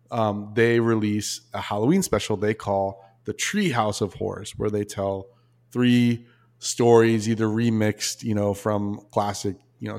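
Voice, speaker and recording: Low-voiced male podcast host. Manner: relaxed, rambling, with fillers. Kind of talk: casual storytelling chat.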